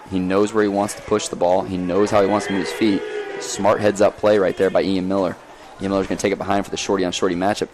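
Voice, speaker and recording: A man calls a lacrosse game live, reeling off passes and player moves at a brisk clip. His voice sits on the low side, and his delivery is folksy and energetic, like a seasoned commentator at an outdoor game. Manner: energetic, folksy, rapid play-calling.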